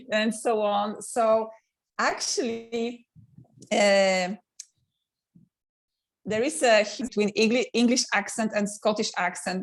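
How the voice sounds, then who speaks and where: Slow-talking woman, halting speech. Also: medium pitch. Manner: hesitant, halting, laughs often. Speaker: interview guest. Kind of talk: casual video-call interview.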